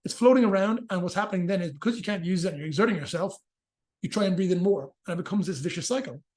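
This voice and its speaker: A man with a high, quick voice explains breathing and stress in a relaxed interview. He jokes and swears as he goes, rattling through the details. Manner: fast, profane, joking explanations. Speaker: movement and rehabilitation practitioner, guest. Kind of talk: casual explanatory interview talk.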